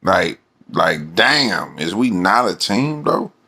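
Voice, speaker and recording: Low gravelly dude ranting slow about his team, voice jumps all over, lots of cussing. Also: very animated, pushed and bright. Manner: rambling and profane, with many fillers. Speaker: sports fan vlogger. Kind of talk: casual fan rant.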